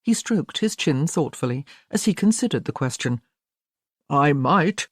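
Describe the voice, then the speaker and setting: A woman narrating a historical romance with a lowish voice that still moves through a wide, expressive range. The sound is dry and close to the microphone, with no room heard. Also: normal speed, slightly rough, no echo. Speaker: audiobook narrator. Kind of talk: scripted narration.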